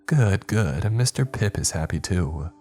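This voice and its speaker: A creepy clown spirit in a children's horror story, chirping in a high sing-song voice and talking about himself by name, put on by a man narrating. The cheer sits on top of something menacing. Faint music plays under the voice. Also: animated, unhurried, warm tone. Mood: cheery.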